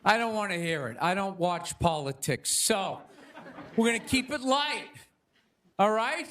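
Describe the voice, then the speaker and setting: A man's voice: high-pitched, animated, measured pace, fairly bright tone. A man opening a stand-up set, chatting casually with the crowd. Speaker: stand-up comedian. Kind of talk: stand-up comedy. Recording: live show with crowd noise.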